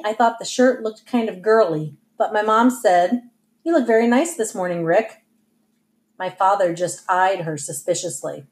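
A woman narrates a novel for an audiobook with a lively, wry storytelling manner. Her voice sits at a middle pitch. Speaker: audiobook reader.

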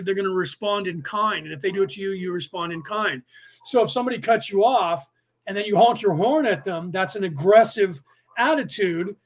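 A man in his fifties hosting a podcast, talking through his ideas in a rambling casual lecture full of fillers and restarts. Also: high-pitched. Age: 50s. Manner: acts out angry drivers in quoted outbursts. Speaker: podcast host.

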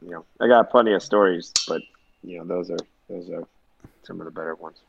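A young adult man, a basketball coach, telling animated stories in a casual interview and acting out quoted dialogue. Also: low-pitched, a little fast, vocal fry, muffled recording, a little hiss or hum. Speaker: junior college head coach, guest.

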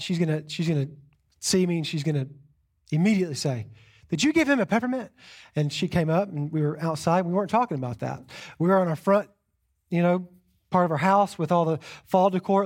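A young pastor shares a lively personal story from the pulpit of a church sanctuary, poking fun at himself and repeating phrases often. He speaks fairly quickly in a high-pitched voice.

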